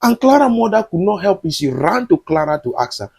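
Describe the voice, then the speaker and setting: A male movie reviewer recaps scenes and talks straight at the characters with indignation. His voice is a little husky and fairly high, and it rises and falls with lively swings. The recording is dry and close. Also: brisk, few pauses, no echo. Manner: indignant, scolding the characters directly. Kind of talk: recap and commentary on a film.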